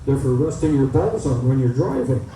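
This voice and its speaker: A man's voice: mid-range voice, lively intonation, moderate pace, lightly acted. A man voicing a famous male golfer explaining something, stammering at first. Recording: echoey, distant mic, faint noise.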